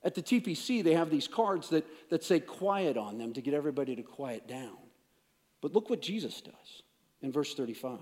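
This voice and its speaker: A man preaching a sermon, emphatic, swinging between raised declarations and hushed, intense passages. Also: on the high side, sing-song, normal speed. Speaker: pastor. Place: church sanctuary. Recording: long reverb of a large hall.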